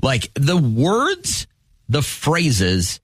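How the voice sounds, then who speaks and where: A man's voice: mid-range voice, wildly swooping pitch, very slow, fairly bright tone, husky, no echo, clean studio sound. A middle-aged man co-hosting a radio show, chatting casually and taking listener calls. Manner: chatty, storytelling, takes calls.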